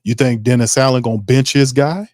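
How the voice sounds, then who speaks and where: A man's voice: medium pitch, steady tone, fairly quick, darkish tone, no echo. Brief: New man, sports stream host, heated profane rant, dry close sound. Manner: fired-up, ranting, profane, mocking impressions.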